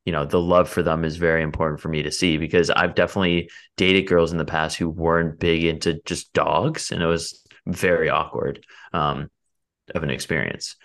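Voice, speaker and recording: A man co-hosting a podcast in casual chat, relaxed and rambling with many fillers. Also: very deep voice, moderate pace. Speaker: podcast co-host.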